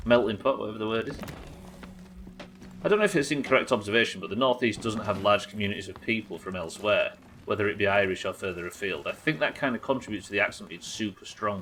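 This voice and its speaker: A man's voice: lowish voice, quick pace, fairly bright tone. An English man streaming a game, chatting casually and rambling, swearing freely as he plays. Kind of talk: casual chat while playing.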